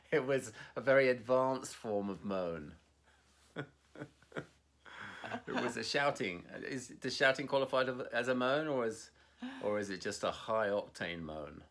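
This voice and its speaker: A man's voice: medium pitch, animated, unhurried, long pauses, fairly bright tone. A man co-hosting a casual conversation, rambling and self-mocking, laughing often at himself. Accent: Scottish. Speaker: podcast co-host.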